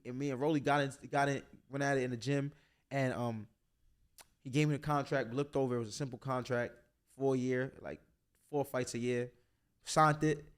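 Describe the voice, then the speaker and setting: A young man, a boxer, telling stories in a casual interview, animated and slangy, full of "like" fillers. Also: medium pitch.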